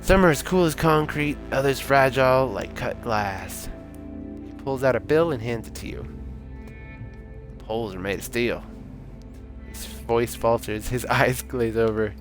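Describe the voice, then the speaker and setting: A man's voice: lowish voice, normal speed. A man streaming a story game, reading its narration aloud with casual, wry asides. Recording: faint game music.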